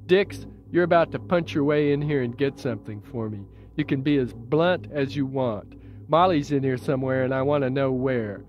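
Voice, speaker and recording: A man's voice: mid-range voice, moderate pace, faint music behind, close to an everyday voice. A man voicing a terse, worn-out hacker in an audiobook, heard as dull old tape. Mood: tense.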